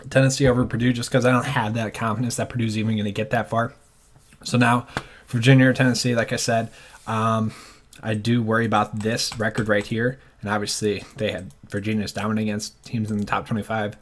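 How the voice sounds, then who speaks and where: A man's voice: on the low side, flat delivery, a little fast, a little hiss or hum. A man thinking aloud as he works through his basketball bracket picks, with hesitant fillers. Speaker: sports channel host.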